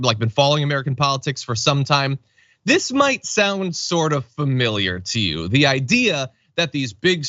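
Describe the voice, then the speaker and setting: A man hosting a political commentary show, sarcastic and animated in how he talks. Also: fairly high pitch, dry recording, lo-fi sound. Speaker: host.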